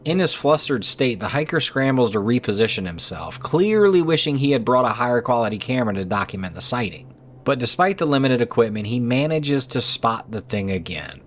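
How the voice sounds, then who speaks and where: A man's voice: medium pitch, very animated, brisk. A man narrating trail cam clips in a scripted, conversational way with skeptical asides.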